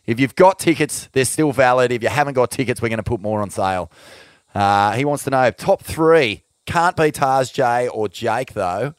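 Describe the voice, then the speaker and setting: A man's voice: medium pitch, expressive, normal speed, no room sound. An Australian man hosting a podcast, reading listener questions in an upbeat, sweary, casual way. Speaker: podcast host. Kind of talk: casual chat.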